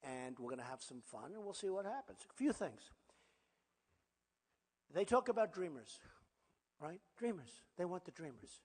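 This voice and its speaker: A man in his sixties speaks at a campaign rally with a raised, fairly high pitch for a man. He boasts, repeats himself and turns to the crowd with offhand asides. His voice rings out with a long reverb in a big hall. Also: sing-song, normal speed, pauses often, darkish tone. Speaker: political candidate.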